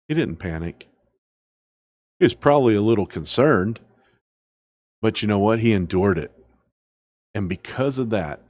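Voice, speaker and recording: A man's voice: lowish voice, no room sound. A man preaching as a podcast host, emphatic, repeating lines and asking the listener rhetorical questions. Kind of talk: preaching sermon.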